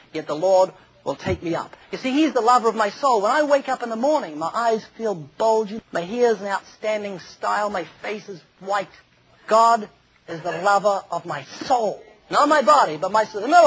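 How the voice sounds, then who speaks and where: High-voiced preacher joking from the pulpit. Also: male voice, fairly bright tone, slight background noise, rough recording. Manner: jokey, storytelling, acts out quoted voices. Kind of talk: humorous sermon.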